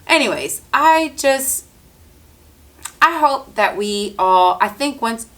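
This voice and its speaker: Woman podcast host just talking, animated storyteller, cussing, close mic. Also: a little high, slow pace. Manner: animated storytelling, acts out quotes, swears freely. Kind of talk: casual monologue.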